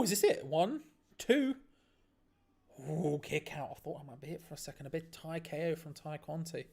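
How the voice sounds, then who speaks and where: Excitable man calling wrestling live. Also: on the high side. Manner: excitable, laughs often, restarts phrases. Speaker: watch-along stream host. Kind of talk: live play-by-play reaction commentary.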